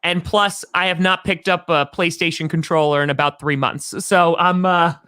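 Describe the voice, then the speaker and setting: A man in his thirties from New York, an upbeat podcast guest chatting casually and repeating himself when excited. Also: fairly high pitch, normal speed, smooth, dry recording. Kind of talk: casual chat.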